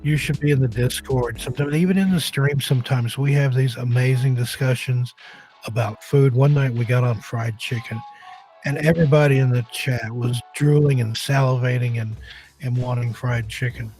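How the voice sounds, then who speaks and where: Faint music plays behind a man hosting a casual live-stream chat show, an easygoing podcast host who jokes and rambles with restarts. His medium-pitched, slightly mellow voice has fairly even intonation, normal speed and a slightly scratchy throat.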